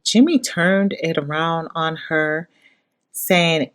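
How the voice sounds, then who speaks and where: A woman giving blunt, animated commentary on a reality show, often talking straight to the people on it. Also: lowish voice, unhurried.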